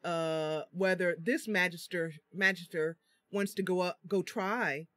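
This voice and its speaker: A woman's voice: lowish voice, steady tone, unhurried, fairly bright tone, dry recording. A woman livestreaming a role-playing game, chatting casually and laughing often as she reads the dialogue. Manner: giggly, chatty, frequent laughs. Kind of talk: casual gameplay livestream with read-aloud dialogue.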